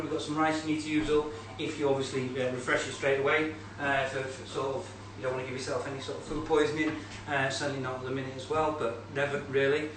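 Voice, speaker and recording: An English man talks through a recipe in a casual, rambling way, full of ums and asides. His voice sits a little high and comes from a step back from the mic. It echoes around a kitchen, with clear background noise. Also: recorded from a distance. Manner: chatty, explains as he cooks, many ums. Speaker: cooking demonstrator. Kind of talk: casual live cooking demo. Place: home kitchen.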